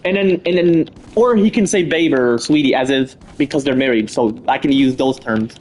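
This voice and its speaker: A man's voice: medium pitch, normal speed, darkish tone, rough recording. A man streaming live, casually brainstorming a story with lots of "pretty much" and restarts. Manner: rambling, fillers like "pretty much".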